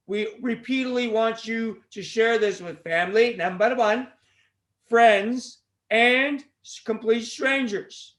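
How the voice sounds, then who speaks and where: A man's voice: very high voice, slow, a bit bright. A man hosting a wrestling podcast, rambling casually with jokes, tangents and plugs for the show. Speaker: podcast host.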